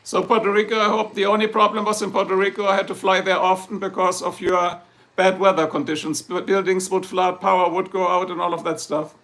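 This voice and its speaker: Chatting casually on his livestream, a man from Germany with a German accent rambles and jokes while responding to viewer comments. His voice is high-pitched and a bit bright, with a level tone and a fairly quick pace.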